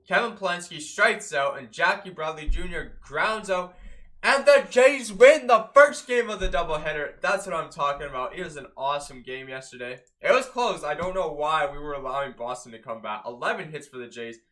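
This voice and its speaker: An excitable, chatty man, recapping a game for his viewers. His voice is bright and fairly high for a man, with a casual, fan-to-fan delivery. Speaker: fan recapping baseball games.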